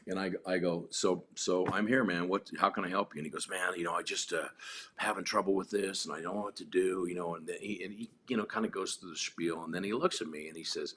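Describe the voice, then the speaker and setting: A middle-aged man with a husky voice, a podcast guest telling stories candidly, rambling and repeating words, swearing freely. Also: quick pace, a bit bright, a little hiss or hum. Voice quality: very deep, husky voice. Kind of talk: candid conversational storytelling.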